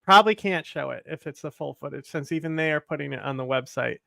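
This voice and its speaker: Gravelly man co-hosting a stream. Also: on the high side, fast, pushed and bright, no room sound, studio quality. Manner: conversational, retells events in detail. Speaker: live-stream co-host. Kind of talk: casual reaction commentary.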